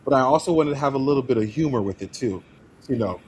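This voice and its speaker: Animated male actor guest. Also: medium pitch, fast talker, slight background noise. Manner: animated, laughs while talking. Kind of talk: casual podcast interview.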